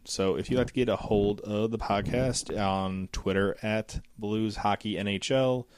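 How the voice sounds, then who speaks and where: A man hosting a casual podcast, talking in a halting way with many fillers and sentences that trail off. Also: lowish voice, steady tone, background noise. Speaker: podcast host.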